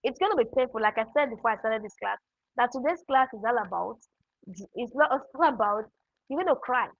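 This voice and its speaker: A woman's voice: on the high side, animated, a little fast, gravelly, dry recording, dull audio. A woman hosting a live online productivity class, telling stories and answering participants' chat comments by name. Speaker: webinar host and productivity coach. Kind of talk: live online teaching session.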